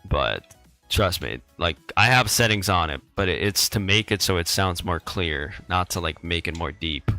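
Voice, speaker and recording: Low-voiced teenage boy streaming on a headset. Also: expressive, normal speed, pushed and bright, soft background music, poor audio. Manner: rambling, repeats himself, chuckles. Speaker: gaming streamer. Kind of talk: casual live-stream chat with viewers. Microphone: gaming headset microphone.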